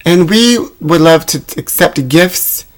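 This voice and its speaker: A woman's voice: low voice, animated, unhurried. A woman co-hosting a comedy show with sketches and chirpy prank-call banter. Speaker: comedy podcast co-host.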